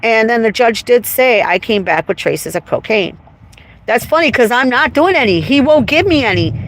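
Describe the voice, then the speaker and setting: A woman's voice: on the high side, animated, moderate pace, rough recording. A woman venting in an emotional, profane, rambling livestream monologue while driving. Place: inside a car, driving. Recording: car noise behind. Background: road and car noise.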